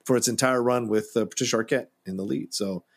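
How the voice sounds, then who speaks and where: A man co-hosting a casual film podcast, relaxed and full of trivia. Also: mid-range voice, fast, breathy edge. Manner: relaxed, shares trivia, laughs along. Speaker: podcast co-host. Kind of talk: casual film commentary chat.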